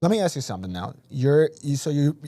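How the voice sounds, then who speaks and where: A man hosting a podcast, cutting in with quick short questions in casual talk. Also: fairly high pitch, big pitch swings, mellow, dry recording. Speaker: podcast host.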